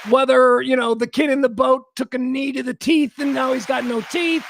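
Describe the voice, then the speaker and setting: A man's voice: very high-pitched, steady tone, moderate pace, vocal fry, noisy background. A man hosting a livestream, chatting casually and enthusiastically as he comments on online videos, laughing often. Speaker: livestream host.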